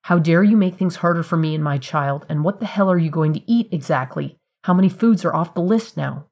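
A woman reading as a worn-out young mother at the end of her rope, low-voiced and clipped. Her lines come out sharp and exasperated. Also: fairly quick. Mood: angry.

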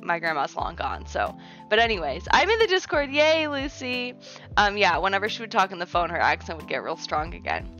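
A chatty American woman streaming live, her medium-pitched voice wandering through thoughts with plenty of "like" and "um" as she answers her chat. The audio is dull and lo-fi, with faint music playing underneath. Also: big pitch swings, a little fast, a bit bright. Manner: chatty and rambling, heavy with "like" and "um". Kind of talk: casual live-stream chat, reading chat aloud. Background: faint background music.

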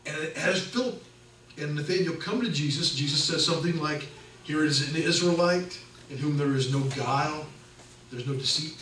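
A middle-aged man preaching a sermon in a relaxed, conversational way, slipping into the voices of the people in his stories. His voice sits a little high for a man. He is picked up from some distance in an echoey church with faint noise in the background. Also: moderate pace. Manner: conversational, animated storytelling with acted quotes. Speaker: pastor. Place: church sanctuary.

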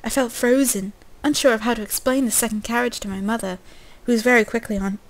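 A woman's voice: fairly high pitch, a little fast, low-quality recording. A young woman reading a story game aloud in a casual way, breaking off with swearing, jokes and coughs.

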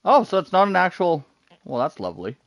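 A man giving live commentary while he plays a game, excitable, talking to himself and laughing often. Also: high voice, brisk, gravelly, dry recording. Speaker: gaming streamer.

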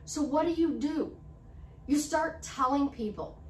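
Female life coach, high voice, emphatic and repetitive, roomy distant recording with faint hiss. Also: unhurried, a little mellow. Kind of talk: motivational talk to camera.

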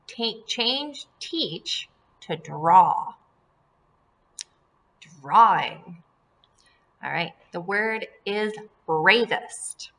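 A woman teaching a second-grade class, drilling words and syllables slowly and clearly and encouraging the children. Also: mid-range voice, sharp tone. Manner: slow, deliberate word drills with clear enunciation. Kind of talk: phonemic awareness lesson for young children.

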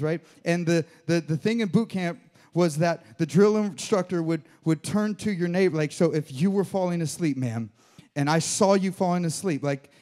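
Man, pastor, sermon, slightly high pitch, animated, joking with congregation. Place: church.

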